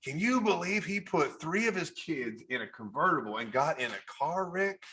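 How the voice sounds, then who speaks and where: A man's voice: fairly high pitch, lively intonation, moderate pace, noisy background. A man voicing a slightly drunk Southern man in his fifties who brags about cars, with a slurred drawl. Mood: boastful.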